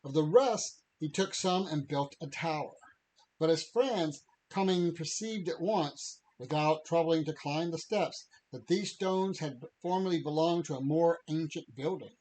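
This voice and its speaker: A man co-hosting a podcast, chatting and reading passages aloud in a measured, steady way. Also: on the high side, poor audio. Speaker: podcast co-host.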